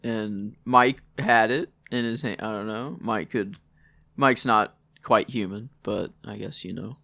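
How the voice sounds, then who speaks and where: Halting, mumbling podcast co-host. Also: male voice, on the low side, vocal fry, bright, forceful tone, dry recording. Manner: halting, trails off, many fillers and backchannels. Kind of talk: casual podcast chat.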